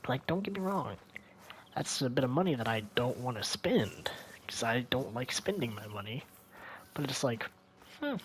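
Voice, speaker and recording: Young man, casual gameplay commentary, rambling, hushed at times, bright tense voice. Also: medium pitch, slight background noise. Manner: rambling, thinking out loud, often drops to a hushed voice. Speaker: gaming video creator.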